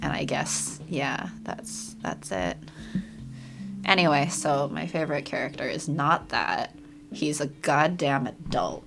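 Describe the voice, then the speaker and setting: A woman's voice: low-pitched, lively intonation, slow pace, vocal fry. A woman co-hosting a game stream, rambling in casual chat, swearing and laughing. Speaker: streamer, co-host. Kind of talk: casual let's-play chat. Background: game music.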